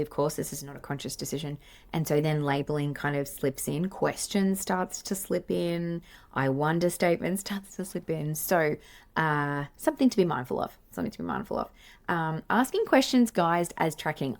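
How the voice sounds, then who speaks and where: A woman's voice: sits low, creaky. An Australian woman, a play therapist, hosting her podcast and teaching in a chatty, self-deprecating way with many fillers and restarts. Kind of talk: casual teaching monologue.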